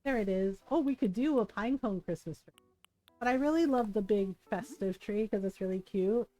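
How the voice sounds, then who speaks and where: A woman streamer from the United States telling a family story in casual, animated chat while she plays, laughing often and checking in with "right?". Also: medium pitch, normal speed, soft background music, poor audio. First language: bilingual in Tagalog.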